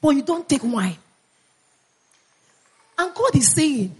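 A woman's voice: sits high, big pitch swings, slow pace, long pauses. A woman preaching a sermon with fervor, repeating phrases and calling on the congregation to answer back. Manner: fervent, repeats phrases, calls on congregation to respond.

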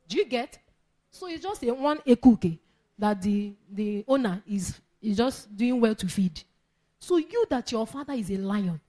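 A woman's voice: on the high side, a little mellow. A woman preacher, giving an emphatic sermon and repeating her key phrases. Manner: emphatic, repeats phrases, laughs between points.

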